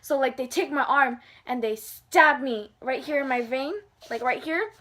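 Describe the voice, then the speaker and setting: A young woman tells a story straight to her camera, her voice sitting high for a woman. She talks casually with a constant stream of fillers and acts out what everyone said. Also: normal speed, a little hiss or hum. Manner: animated, lots of fillers, acts out dialogue. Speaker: vlogger.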